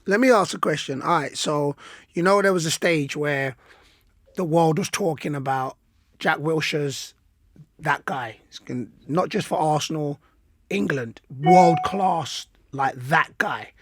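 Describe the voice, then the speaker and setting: A man co-hosting a podcast, bantering with loud, emphatic slang and animated questions. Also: on the high side, unhurried, no room sound. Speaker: podcast co-host. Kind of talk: casual interview chat.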